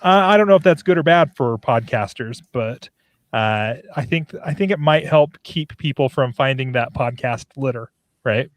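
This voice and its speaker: Man, independent podcaster, measured talk, dry sound. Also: medium pitch, dry recording. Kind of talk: casual panel chat.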